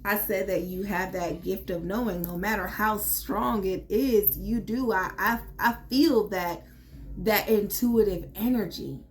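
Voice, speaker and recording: A woman's voice: mid-range voice, a little slow. Blunt, profane woman reading tarot. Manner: emphatic, pep-talk delivery. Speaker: tarot reader.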